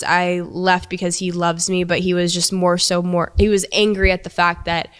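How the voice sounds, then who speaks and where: A young woman recounts her own story and reads long text messages aloud, candid and steady. Her voice sits low and fairly flat in pitch, with a smooth, clean tone. The sound is dry and close. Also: long reverb tail. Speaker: guest telling her story. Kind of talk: personal account, reading out texts.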